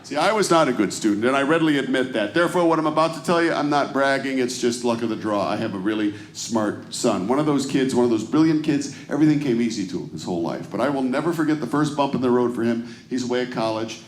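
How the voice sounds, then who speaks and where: A man's voice: medium pitch, quick pace, few pauses, slight background noise. A middle-aged man doing a stand-up routine, chatting with the crowd in a conversational, self-deprecating way. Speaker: stand-up comedian. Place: comedy club stage before a live audience. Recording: roomy live stage recording.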